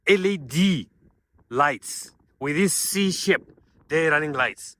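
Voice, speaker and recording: A man giving an enthusiastic car walkaround review, pointing out features with frequent fillers and calling his viewers ladies and gentlemen. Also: on the high side, animated, slow pace.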